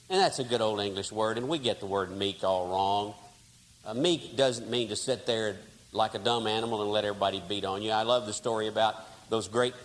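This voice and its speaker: A man from Texas preaching a storytelling sermon in a folksy, conversational way, dropping soft and then rising loud. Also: on the low side. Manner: folksy, conversational, dramatic shifts in loudness. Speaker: pastor. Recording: reverberant hall, faint hiss.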